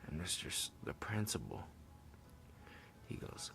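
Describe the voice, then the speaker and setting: Deep-voiced young man telling a story. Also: expressive, normal speed, a little hiss or hum. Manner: rambling, profane, laid-back with many fillers. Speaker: vlogger. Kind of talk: casual storytelling.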